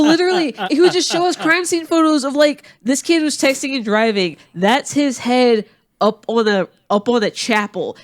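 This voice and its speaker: A man from Atlanta co-hosting a podcast, telling a long story in casual chat with lots of fillers and restarts. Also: high-pitched. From Atlanta, USA. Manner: rambling storyteller with many fillers. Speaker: podcast co-host.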